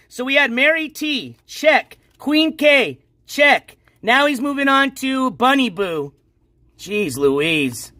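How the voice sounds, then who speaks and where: A man's voice: very high voice, big pitch swings, slow pace, sharp tone, no room sound, studio quality. A man hosting a casual live stream, chatting and commenting on a clip in a lightly exasperated way. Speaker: stream host.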